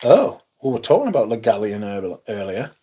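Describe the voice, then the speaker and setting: A man's voice: on the low side, sing-song, fairly quick, dark tone, husky, muffled recording. A man from northeast England with a Northumbrian accent, chatting casually and bluntly on a livestream, swearing freely and answering chat. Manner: profane, blunt, reading chat aloud. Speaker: livestream host.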